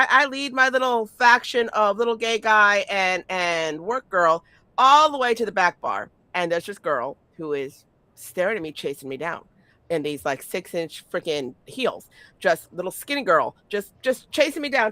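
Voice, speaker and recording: A woman in her forties, the podcast host, telling casual stories in an animated, profane way with stumbling repetitions. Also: mid-range voice, dry recording. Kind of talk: casual storytelling chat.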